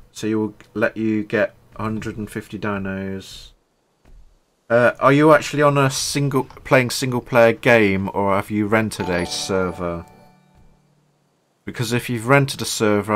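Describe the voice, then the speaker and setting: A man from Britain on a live game stream, chatting and answering viewers' questions between pauses. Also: on the low side, a bit bright. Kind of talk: live gameplay stream, reading chat.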